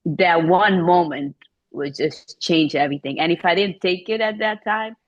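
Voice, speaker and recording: Low-voiced tearful woman guest. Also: moderate pace, no echo, lo-fi sound. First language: not English. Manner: tearful, laughs at herself. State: recovering from a cold, emotional. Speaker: guest, teacher. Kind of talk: personal story on a talk show.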